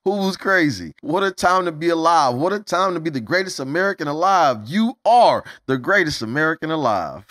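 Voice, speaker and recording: A man with a high voice gives an emphatic, preachy political rant, cursing freely as he presses his point. The sound is dry and close, with no room echo. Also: lively intonation, moderate pace, hardly any pauses, fairly bright tone. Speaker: political commentator. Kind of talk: impassioned monologue.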